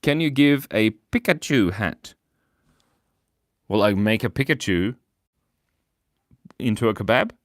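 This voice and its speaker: A man's voice: on the low side, expressive, unhurried, long pauses, no room sound, studio quality. A young man hosting a casual live stream, chatting playfully with viewers as he draws and reads out their comments. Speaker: livestream host drawing for viewers.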